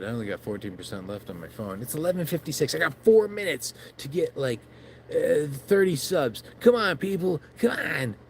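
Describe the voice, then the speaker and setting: A man's voice: medium pitch, slight background noise. A man vlogging by his backyard shed late at night into his phone, rambling casually, swearing and laughing at himself.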